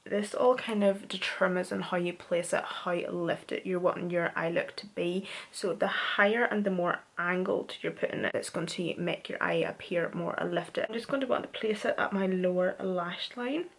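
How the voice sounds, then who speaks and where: A woman's voice: on the low side, steady tone, moderate pace, creaky, few pauses. Young northern irish woman doing a makeup tutorial, chatty and jokey, talks like she's with a friend. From Northern Ireland. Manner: chatty, self-deprecating, says "wee" a lot. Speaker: beauty vlogger. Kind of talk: makeup tutorial, casual chat.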